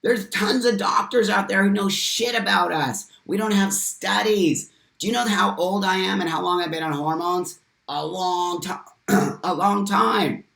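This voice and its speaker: A man's voice: high voice, measured pace, creaky, fairly bright tone. Man, livestream host, emphatic, fiery, curses, roomy echo. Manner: passionate, emphatic, swears freely. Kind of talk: live stream talk, reading chat comments.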